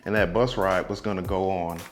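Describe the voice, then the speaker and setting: A man's voice: deep voice, steady tone, fairly quick, soft background music. A man who works as a bus driver, talking through video clips in a casual commentary vlog and giving earnest, repetitive safety advice. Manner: earnest, advice-giving, repeats points for emphasis.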